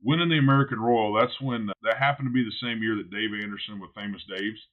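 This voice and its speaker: A man who is a barbecue pitmaster, guesting on a podcast and telling stories in a blunt, animated way, swearing freely. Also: lowish voice, fast talker, phone-quality sound. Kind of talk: casual podcast storytelling.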